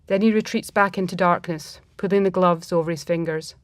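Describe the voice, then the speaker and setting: A woman reading a first-person story aloud in a reflective, measured manner. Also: lowish voice, steady tone, no room sound.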